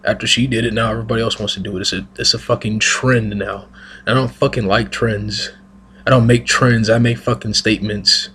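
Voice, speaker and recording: A man's voice: on the low side, steady tone, fairly quick, pushed and bright, breathy edge. A man giving a heated, emphatic, profane monologue rant on his own channel, speaking into a single mic. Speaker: vlogger.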